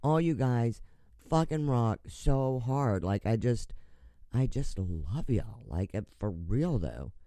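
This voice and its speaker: A laid-back man runs his own radio show, drawling slowly in a smooth, resonant voice. He rambles, swears often and laughs at his own slips. The sound is dry and close, with no room around it. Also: mid-range voice, very animated, warm tone, no echo. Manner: profane, rambling, laughing at himself; drinks on air. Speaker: online radio show host. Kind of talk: casual radio banter reading listener messages.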